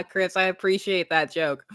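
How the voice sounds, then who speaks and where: A young woman talks casually to her live-stream audience, laughing often and bouncing between topics. Her voice sits at an average pitch. The sound is dry, with no room around it. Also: no echo. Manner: giggly, animated, chatty. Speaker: streamer chatting with viewers.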